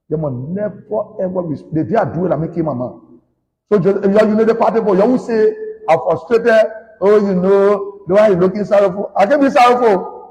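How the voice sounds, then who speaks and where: A man with a Liberian English accent rants like a politician, loud and accusing, swinging from shouting down to muttering. His voice sits high for a man. A long reverb trails after each phrase. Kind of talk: fiery political rant.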